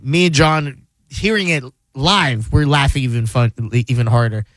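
A man's voice: medium pitch, normal speed, fairly bright tone, no echo. A man hosting a radio show, telling a story in casual banter and laughing often.

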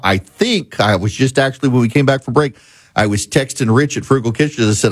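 A man's voice: mid-range voice, lively intonation, brisk, dry recording. A male talk radio host chatting casually and rambling with many restarts. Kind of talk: casual chat. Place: radio studio.

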